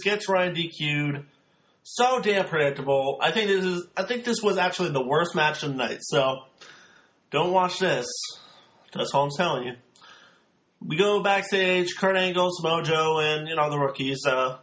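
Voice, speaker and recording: A man's voice: sits high, fairly bright tone, echoey room. A young man hosting a podcast, giving a rambling, sarcastic casual recap full of filler words. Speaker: podcast host.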